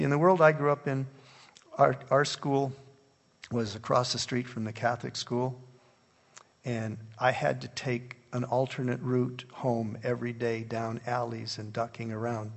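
An older man telling a personal story in a sermon, animated, swinging between hushed and loud. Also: medium pitch, vocal fry. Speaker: preacher. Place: church hall. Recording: long hall reverb.

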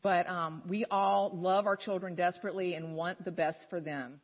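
A woman's voice: on the low side, steady tone, moderate pace. A woman giving an encouraging faith-based talk to mothers in a large hall, telling candid stories in a conversational way with asides. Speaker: speaker at a mothers' gathering. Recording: dull, lo-fi recording in a reverberant hall.

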